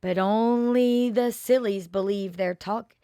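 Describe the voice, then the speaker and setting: An older woman reading children's poems aloud in a slow, expressive way, with playful asides. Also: mid-range voice, clear, resonant tone, no room sound, studio quality.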